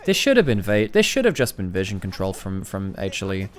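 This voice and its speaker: A man's voice: sits low, wildly swooping pitch, fairly quick. A man giving a casual, thinking-aloud commentary review of a recorded esports match, restarting phrases as he analyzes plays.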